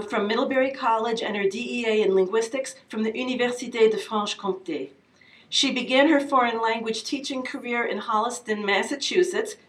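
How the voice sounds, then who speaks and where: A woman introducing a conference keynote speaker from a prepared text, in a measured, formal way. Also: medium pitch, fairly bright tone. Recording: echoey hall from far off.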